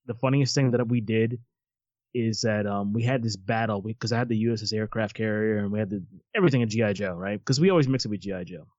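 A man in his forties chatting casually and telling lively stories, often laughing at them. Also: lowish voice, fast, no echo. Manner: animated storyteller, laughs at his own stories. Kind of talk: casual chat. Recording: slightly muffled lo-fi sound.

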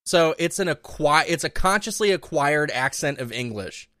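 A man's voice: a little high, animated, normal speed, sharp tone, dry recording, clean studio sound. A man co-hosting a podcast in casual chat, ranting sardonically and swearing often. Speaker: podcast co-host.

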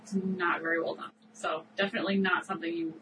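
Woman talking fast about a show, kinda far from the mic, noisy background. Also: lowish voice, level tone. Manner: rambling, reflective talk with many fillers. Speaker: podcast co-host. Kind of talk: casual chat recapping a TV episode.

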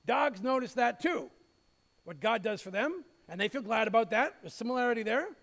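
A man pastor preaching a sermon, telling a story with light humor in an expressive way. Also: very high voice, normal speed, gravelly. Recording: hall reverb.

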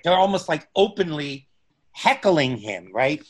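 A middle-aged man telling a story in casual conversation, unhurried, pausing often and restarting his phrases. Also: on the high side, big pitch swings. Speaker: guest recounting stand-up comedy memories.

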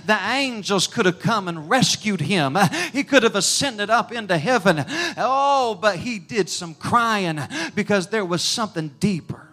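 A man preaching an emotional sermon in a church sanctuary, swinging between hushed and fervent as he leads an altar call. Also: sits high, expressive, measured pace, few pauses. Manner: emotional, rising and falling intensity, speaks in tongues. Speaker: pastor.

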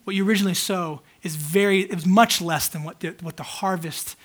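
High-voiced man preaching a casual sermon. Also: fairly even intonation, a little fast. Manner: conversational, candid, many fillers. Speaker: pastor.

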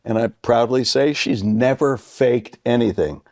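A man in his sixties telling a story in casual chat, animated, acting out the voices he quotes. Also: mid-range voice, measured pace, no room sound. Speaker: guest actor.

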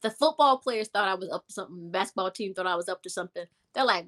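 Woman, young adult, conversational storyteller, emphatic, bright forceful voice. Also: mid-range voice, racing. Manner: animated, emphatic, repeats words for effect. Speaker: guest.

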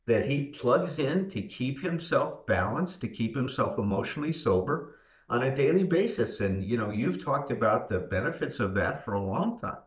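A man speaks in a middle-pitched voice, laying out his thoughts in a reflective podcast discussion and asking "right?" along the way. His voice carries a noticeable roomy echo. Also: animated, moderate pace. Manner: thoughtful, explaining ideas with frequent "right?". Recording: roomy echoing room.

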